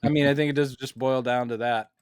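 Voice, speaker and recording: Animated man, dry close sound. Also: mid-range voice, fast, smooth, no echo. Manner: animated, acts out quoted lines. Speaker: podcast co-host. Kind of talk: casual chat.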